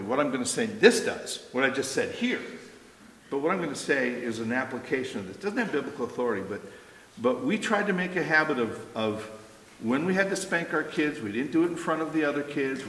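A middle-aged man preaches a sermon in a casual, talky way, tossing "right?" to his listeners. His voice sits at an ordinary pitch for a man. It rings out with a long reverb, as if heard in a large, echoey hall. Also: fairly bright tone, slight background noise. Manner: conversational preaching, frequent "right?" asides. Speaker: pastor.

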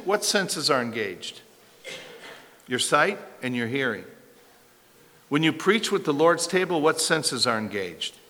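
A pastor delivers a sermon, hammering points home through repetition and questions to the congregation. His voice sits a little high and rings bright and forceful. A long reverb from the church hall trails every phrase.

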